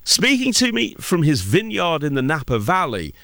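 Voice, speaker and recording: A man hosting a radio sports program, narrating a script and interviewing a guest in a measured, polished way. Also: fairly high pitch, huge pitch swings, creaky, fairly bright tone, dry recording, studio quality. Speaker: radio host.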